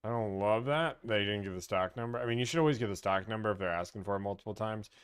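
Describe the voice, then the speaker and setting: A man's voice: lowish voice, fast, clear, resonant tone, no room sound, studio quality. A man hosting a live stream where he negotiates car deals, joking and upbeat as he talks.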